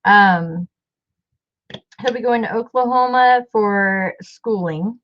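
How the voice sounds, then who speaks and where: A middle-aged woman, a crafting vlogger, speaks slowly at medium pitch in lo-fi sound. She chats in a rambling, casual way with many fillers as she works on a craft project.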